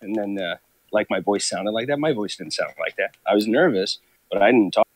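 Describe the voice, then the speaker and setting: A man's voice: lowish voice, expressive, brisk, over music. A man co-hosting a live stream, telling rambling joking stories in casual banter.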